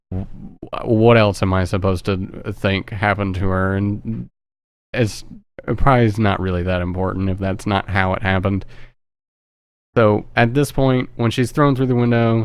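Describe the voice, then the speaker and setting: A man's voice: lowish voice, no room sound. A man retelling a movie plot in a rambling, profane, joking way. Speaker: movie reviewer. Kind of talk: casual film synopsis.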